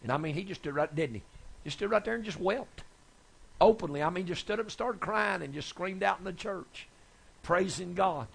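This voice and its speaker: A man preaching a sermon, telling folksy testimony stories that build to excited shouts. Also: sits high, moderate pace. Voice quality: gravelly, husky. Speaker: evangelist preacher.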